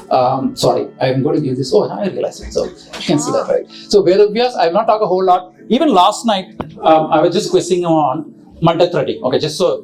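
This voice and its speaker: The recording is low quality: a middle-aged man, voice a little high but darkish in tone, gives the father-of-the-bride speech at an engagement party. It's an informal, rambling talk full of jokes, self-corrections, and asides to the guests.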